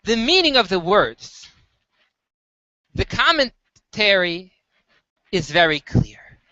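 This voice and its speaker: Animated storytelling teacher, lo-fi recording. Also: medium pitch, takes it slowly, no room sound. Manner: animated storyteller, acts out the dialogue. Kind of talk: storytelling lesson.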